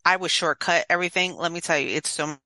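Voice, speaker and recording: A woman guest talking casually and telling stories in a lively way. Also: lowish voice, fast talker, no room sound. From Spanish-speaking background. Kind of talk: casual conversation.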